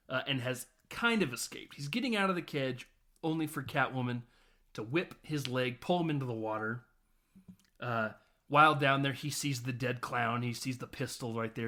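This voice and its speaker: A man hosting a film podcast, casually retelling a movie's plot with swearing, laughter and quick acted-out lines. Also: mid-range voice. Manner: laughing, profane, animated retelling with quoted lines. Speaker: podcast host.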